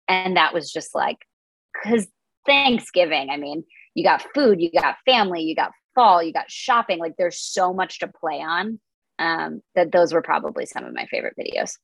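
A woman in her twenties talks in a casual, upbeat podcast chat, her words tumbling out between filler words. Her voice sits on the low side, with a gravelly fry. The sound is dry and close. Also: normal speed, fairly bright tone, no echo, low-quality recording. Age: 20s. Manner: chatty, upbeat, lots of "like" fillers. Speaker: comedian and content creator, guest.

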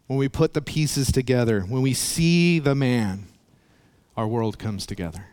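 A man's voice: medium pitch, darkish tone, smooth. A male pastor preaching a sermon, telling stories in an earnest way and acting out the voices in them. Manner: storytelling with acted voices, earnest.

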